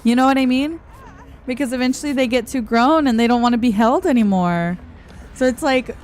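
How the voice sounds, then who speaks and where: A woman's voice: high-pitched, a little fast, slight background noise. A young adult woman streaming a game, chatting casually, answering her chat and laughing often. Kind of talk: casual live-stream chat while gaming. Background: soft background music.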